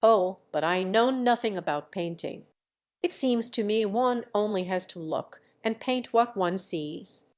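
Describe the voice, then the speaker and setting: A gentle, kind and naive young man, read by a woman who speaks mildly and earnestly in a slow, unhurried way. He stays polite and modest throughout this audiobook scene. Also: mid-range voice, expressive, lightly acted.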